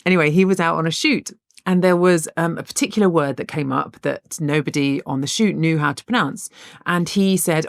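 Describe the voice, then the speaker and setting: A woman's voice: deep voice, fairly even intonation, a little fast, gravelly, no echo. Woman co-host, easy casual chatter, tells anecdotes with laughs sprinkled in; dry, close. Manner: chatty storyteller, laughs often mid-sentence. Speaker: podcast co-host. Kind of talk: casual chat.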